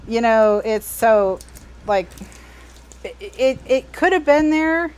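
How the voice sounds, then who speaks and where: A woman's voice: fairly high pitch, expressive, slow, pauses often, darkish tone. An American woman hosting a live crafting stream, chatting casually and wryly, trailing off and restarting as she works. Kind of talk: casual chat while crafting.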